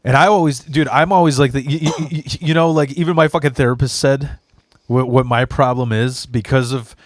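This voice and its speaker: A man's voice: mid-range voice, fairly even intonation, fairly quick, no room sound. A man from Chicago spins a long yarn on his podcast, peppering almost every phrase with profanity and restarting his sentences as he goes. His voice sits in an ordinary middle register, and the recording is close and dry. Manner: profane, rambling, frequent restarts. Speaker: podcast host. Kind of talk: casual storytelling chat.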